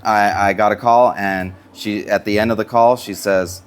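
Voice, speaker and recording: A man's voice: fairly low pitch, fairly even intonation, normal speed, clean tone. A man appearing as a musician guest on a talk show, telling his story in an earnest, heartfelt, emotional way. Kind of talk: casual interview conversation.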